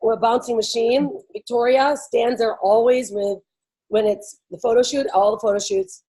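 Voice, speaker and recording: A woman's voice: on the high side, lively intonation, normal speed, warm tone, husky, low-quality recording. A woman hosting an event briefing, talking casually and bubbly, laughing often and filling her speech with "like" and "you know". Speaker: event host. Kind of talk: casual explanatory talk to attendees.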